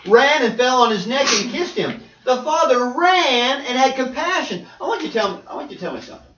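A man's voice: high-pitched, fairly bright tone. A man preaching a sermon to a congregation. He reads scripture aloud and raises his voice to press his points. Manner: raises voice, reads scripture, acts out quoted people. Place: church hall. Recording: roomy, distant, dull church audio.

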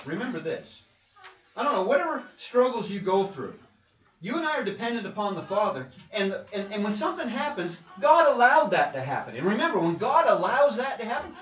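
Brief: high-voiced male preacher, chatty sermon, heard from afar in an echoey church. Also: a bit bright. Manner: conversational preaching with rhetorical questions. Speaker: pastor. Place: church sanctuary. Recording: roomy, distant, dull church recording.

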